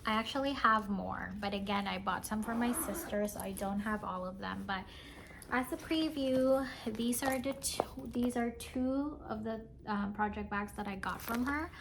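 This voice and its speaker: With a gravelly, medium-pitched voice at a moderate pace, a woman cheerfully presents her cross-stitch purchases, giggling and saying "like" often. The background is noisy.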